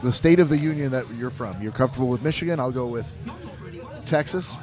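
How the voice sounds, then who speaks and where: A man's voice: medium pitch, quick pace, over music. A man co-hosting a podcast in casual banter, stammering and repeating words as he starts his sentences. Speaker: podcast co-host. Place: bar during a football game.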